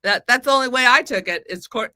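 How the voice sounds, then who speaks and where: A fast-talking woman in her forties, of Mexican heritage, rambles through a long personal story on a podcast, acting out what people told her. Her voice is a little high, bright and forceful, recorded dry and clean in a studio.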